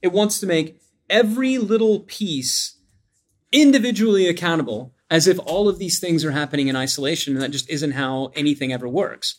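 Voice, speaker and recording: A man's voice: fairly high pitch, fairly quick. A man, a podcast guest, giving an emphatic, opinionated rant about marketing. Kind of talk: casual rant.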